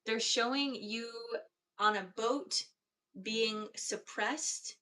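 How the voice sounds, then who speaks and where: A woman energy healer giving a slow, soft-spoken, meditative channeled reading. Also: fairly high pitch.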